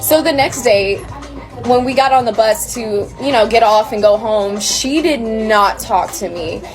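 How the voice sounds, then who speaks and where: A chatty woman with a high voice tells a storytime in an animated way. Music plays clearly behind her throughout. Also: unhurried. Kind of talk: casual storytime.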